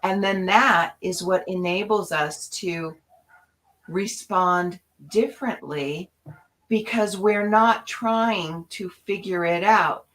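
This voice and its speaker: A woman co-hosting a spiritual talk show, speaking in an inspirational, animated storytelling way. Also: mid-range voice, slow pace, low-quality recording. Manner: animated storyteller acting out her own past voices.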